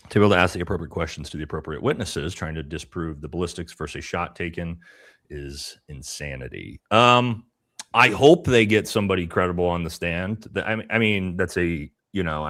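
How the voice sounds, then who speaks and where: A man's voice: low-pitched, fairly bright tone. A man giving blunt, casual commentary as a panelist on a live stream, pressing his points with rising emphasis.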